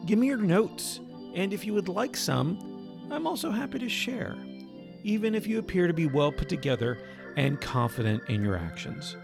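Gravelly man hosting over music. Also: sits high, big pitch swings, moderate pace. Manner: wry, joking. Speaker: podcast host. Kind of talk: casual chat and outro. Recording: music playing under the voice.

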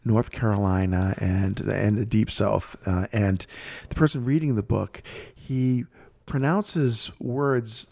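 Gravelly-voiced wry male podcast host. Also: on the low side, takes it slowly, dark tone. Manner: wry, joking, drifts into anecdotes. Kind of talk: casual chat.

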